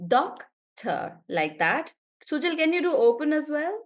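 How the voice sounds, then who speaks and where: A high, sing-song woman's voice, a little slow, belongs to an English teacher leading a live online class. She's chatty and encouraging, praising students by name and laughing often between explanations.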